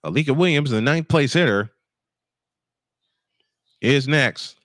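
A man in his fifties doing live fan play-by-play of a baseball game, goofy and chatty between pitches, correcting himself as he goes. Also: expressive, takes it slowly, fairly bright tone, no echo, clean studio sound. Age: 50s. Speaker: play-by-play announcer.

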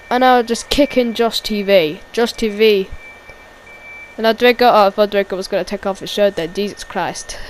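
A woman giving excited amateur play-by-play wrestling commentary, repeating each call and shouting at the big moves. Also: medium pitch, slight background noise, rough recording.

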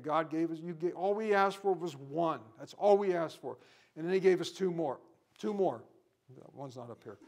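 Middle-aged male preacher, somewhat high-pitched, impassioned sermon delivery that swells to near-shouts.

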